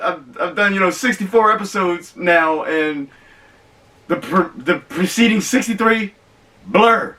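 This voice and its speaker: A man hosting a casual movie review vlog, talking in an animated, emphatic and slangy way and drawing out words for emphasis. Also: sits high, far from the mic. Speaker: host of a movie review show.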